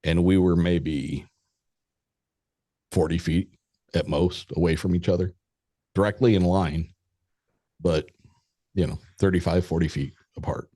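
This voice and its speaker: A man with a very deep, low voice, recorded close and dry with no room sound. He is a podcast guest telling a story in a loose, candid way. He swears freely and slips into quoted conversations. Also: fairly even intonation, a little slow, long pauses, dark tone, no room sound. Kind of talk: casual spoken storytelling.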